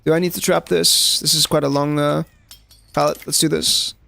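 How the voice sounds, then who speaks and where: A young man talks through his match live, tossing in "like" and chatting to his viewers as he plays. His voice sits a little high with a gravelly rasp. Relaxed, unscripted streaming chatter. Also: moderate pace. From South Africa. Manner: casual, chatty, lots of "like" fillers, addresses chat. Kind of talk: live gameplay commentary.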